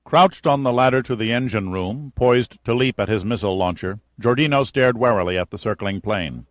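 A man narrating an audiobook in a steady, measured storytelling manner on a close mic. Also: lowish voice, dry recording.

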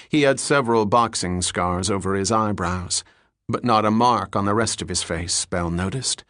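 Steady male audiobook narrator, dry sound. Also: mid-range voice, no echo. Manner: steady, descriptive storytelling. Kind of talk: scripted novel narration.

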